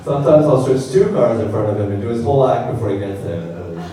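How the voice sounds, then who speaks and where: Deadpan young man doing stand-up. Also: mid-range voice. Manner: deadpan delivery with filler pauses. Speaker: stand-up comedian. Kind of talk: stand-up comedy set. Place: large hall on stage. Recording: very roomy hall sound, slightly distant. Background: audience laughter.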